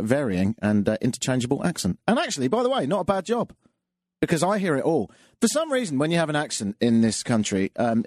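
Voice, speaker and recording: A man's voice: mid-range voice, a little mellow, no echo. A man hosting a radio talk show, chatty and self-mocking. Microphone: studio mic. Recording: dry studio sound.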